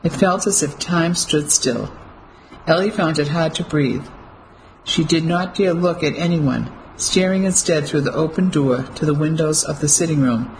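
An audiobook narrator reading a novel in a measured, steady way. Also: medium pitch, a little hiss or hum, poor audio. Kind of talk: scripted narration.

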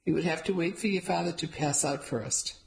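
A woman voicing a kind, wise elderly grandmother, who talks formally, gently and firmly. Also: on the low side, a little fast, vocal fry, poor audio. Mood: tender. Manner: formal, no contractions, gentle and firm.

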